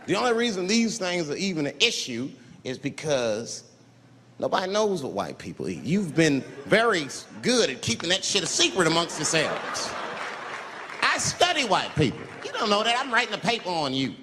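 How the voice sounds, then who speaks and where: A man doing a stand-up comedy set, telling a story in an animated way on a theater stage into a handheld mic. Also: normal speed. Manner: animated storytelling, jumps into shrill put-on voices. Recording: hall reverb, crowd laughter noise.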